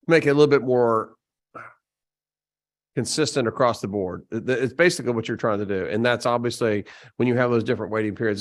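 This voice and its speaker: A man runs a legislative committee hearing, moving through bills and votes. He talks in a halting way, stopping on fillers and starting phrases over, with a mid-range pitch. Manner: halting, many fillers and restarts. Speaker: committee chair. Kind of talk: formal committee proceedings.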